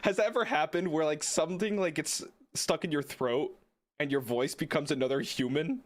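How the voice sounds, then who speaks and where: A man streaming a game live, phlegmy from being sick, excitable and swearing freely as he talks. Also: a little high, normal speed.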